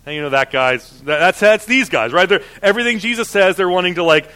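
A man preaches a sermon in a conversational style, full of fillers, often mimicking the voices of objectors. His voice is a little high, expressive, pushed and bright with a clean tone, and he speaks briskly with few pauses.

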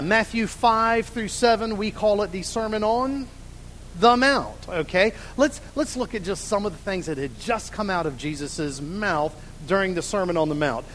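A man with a drawl and a high voice leads a Bible study class. He poses questions, waits, then answers them himself. The sound rings with long hall reverb over a faint low rumble. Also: fairly bright tone. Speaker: Bible teacher.

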